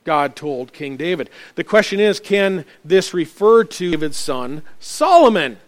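Male preacher with a high voice, earnest and halting. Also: sing-song. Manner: earnest preaching with frequent restarts and fillers. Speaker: pastor. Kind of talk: sermon.

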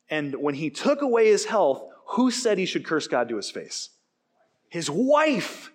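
A man preaching a sermon, telling stories in an animated way and acting out quoted lines. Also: on the high side, unhurried. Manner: animated storytelling with acted quotes. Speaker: pastor.

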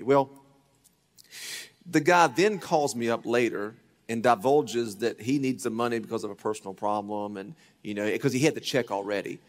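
A man preaching a sermon as pastor, telling a story and acting out the voices in it, swinging from loud to hushed. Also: medium pitch, long reverb tail. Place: church sanctuary.

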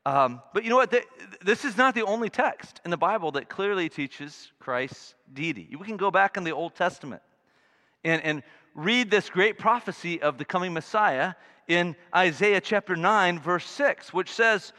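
A middle-aged male pastor preaching a sermon, earnest, shifting from loud emphasis to quiet asides. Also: high voice, lively intonation, moderate pace. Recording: long reverb of a large hall.

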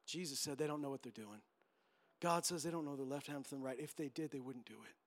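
A man's voice: mid-range voice, fast. A man preaching a sermon as pastor, emphatic and impassioned, acting out quotes as he goes.

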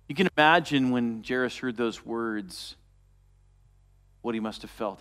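A man preaching a sermon, retelling a story and dropping to a soft, quiet voice for quoted words. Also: medium pitch, moderate pace. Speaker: pastor.

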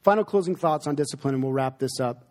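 A middle-aged man, a pastor, preaching an earnest, emphatic sermon with pauses for effect. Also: medium pitch, darkish tone. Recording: long hall reverb.

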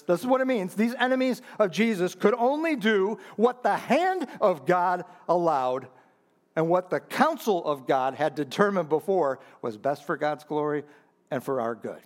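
A pastor delivers a sermon, sinking into low, earnest asides before rising to loud, high, emphatic peaks. He repeats phrases for emphasis and calls out to his congregation.

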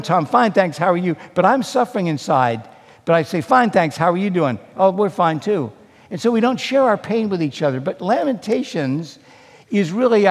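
Older guy preaching, highish gravelly voice, big echoey hall, goes loud then quiet. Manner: dramatic storytelling preacher, swinging from loud to hushed. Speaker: pastor. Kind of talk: sermon. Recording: long hall reverb.

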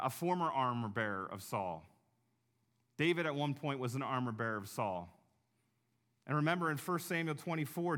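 A pastor preaching a sermon in an earnest way, slowing down to stress key words. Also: male voice, mid-range voice, a bit bright. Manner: earnest, slows down for emphasis.

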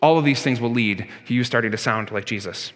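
A man's voice: mid-range voice, a little fast, a bit bright, long reverb tail. A man preaching a sermon as pastor, earnest and emphatic, driving his points home with rhetorical questions.

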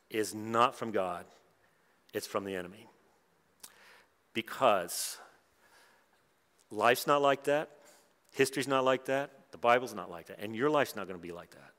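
A middle-aged man delivers a conference sermon in a relaxed, conversational way and drops in wry asides. His voice sits in a middle register. A long hall reverb trails each phrase. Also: mid-range voice. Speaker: preacher.

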